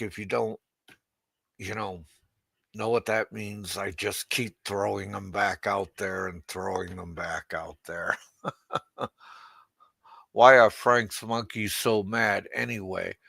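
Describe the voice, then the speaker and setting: Slow, gravelly man ranting. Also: medium pitch, sharp tone, dry recording. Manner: crude, mocking, laughs at his own jokes. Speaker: livestream host. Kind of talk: unscripted livestream rant.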